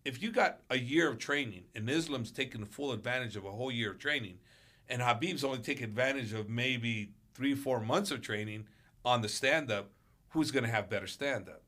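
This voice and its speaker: A male martial arts coach tells stories as a podcast guest in a bright, ringing voice. He is animated and acts out the quotes with big jumps in pitch and volume. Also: fairly quick. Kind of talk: storytelling on a podcast.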